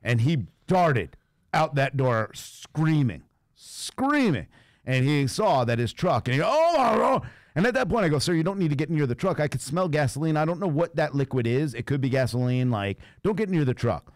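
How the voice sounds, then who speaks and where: On his radio show, a man with a medium-pitched voice talks briskly through a story in casual conversation, laughing a lot and animatedly voicing the people in it. The recording is dry and studio quality.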